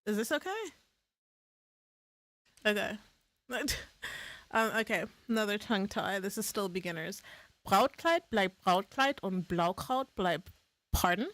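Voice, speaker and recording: A woman's voice: medium pitch, a little slow, long pauses, fairly bright tone, dry recording. A woman streaming live in casual chat, playful, laughing often and swearing freely.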